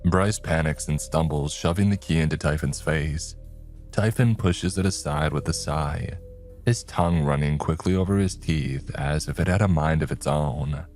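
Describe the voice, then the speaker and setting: A man narrating a scripted horror story in a slow, measured way. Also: extremely low pitch, a little mellow. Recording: faint background music.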